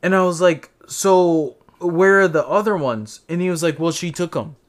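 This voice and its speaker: A man's voice: fairly high pitch, normal speed. A young man co-hosting a casual podcast, telling a work story with lots of swearing and acting out what people said. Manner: animated storytelling, re-enacting his own quotes, swearing. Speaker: podcast co-host. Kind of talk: casual chat.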